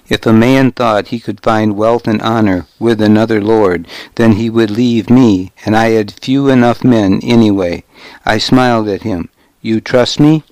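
A man narrating a first-person novel as an audiobook, in a measured, grave way. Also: on the low side, a little mellow, no echo.

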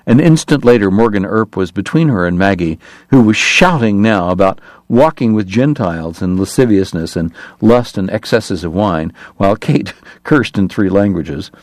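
A man giving steady scripted narration of a novel. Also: lowish voice, no room sound. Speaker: audiobook narrator.

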